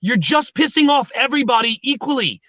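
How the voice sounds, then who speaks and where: A man, a guest, telling jokes and stories in an animated, comedic casual chat over a remote line. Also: very high-pitched, fairly quick, no echo. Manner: joking, animated storytelling.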